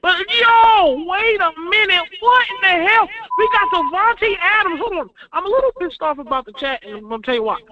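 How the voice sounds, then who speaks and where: A man calling in to a sports talk show, ranting as a fan and swinging between booming outbursts and low mutters. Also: animated, normal speed, few pauses, a crowd in the background. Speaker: caller. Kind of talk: fired-up fan rant. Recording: dull lo-fi call audio.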